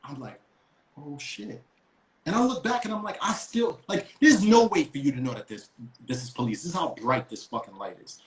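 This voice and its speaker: A man's voice: on the high side, fairly quick, hardly any pauses, background noise. Profane storytelling man in a roomy space. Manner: profane, emphatic, with many restarts. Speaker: podcast co-host. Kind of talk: casual storytelling. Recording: roomy echo.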